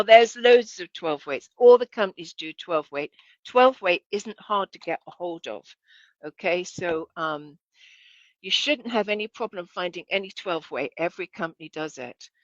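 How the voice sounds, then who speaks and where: A woman's voice: medium pitch, fairly bright tone, no room sound, muffled recording. A woman giving a casual, chatty demonstration lesson as a sewing instructor, correcting herself and asking viewers to look.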